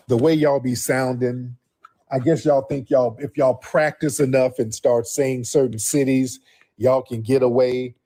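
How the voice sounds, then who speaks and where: A man's voice: medium pitch, warm tone. A man hosting a call-in livestream, talking bluntly and mocking his callers. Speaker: livestream host. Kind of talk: livestream commentary.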